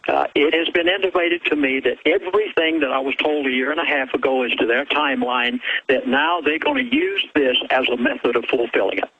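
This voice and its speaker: Husky male guest on a dull phone line. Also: fairly high pitch, animated, brisk, few pauses. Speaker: radio show guest. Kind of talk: phone interview.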